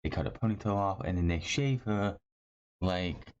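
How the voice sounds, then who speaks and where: A man's voice: sits low, moderate pace, a little mellow. A man giving a casual, opinionated recap of a wrestling show, blunt and rambling, often correcting himself mid-sentence. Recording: slightly dull lo-fi audio with faint hiss.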